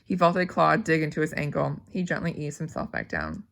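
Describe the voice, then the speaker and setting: A woman reads a novel aloud at a steady pace, with small slips and restarts. Her voice has a gravelly edge. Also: sits low, a little fast. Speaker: audiobook reader.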